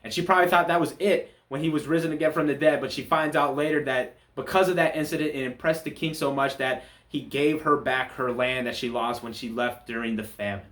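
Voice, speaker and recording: A man giving a relaxed, conversational talk on a Bible chapter, often restarting his sentences as he explains the story. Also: medium pitch, a little fast, hardly any pauses, echoey room. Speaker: church Bible study teacher. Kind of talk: casual Bible chapter commentary.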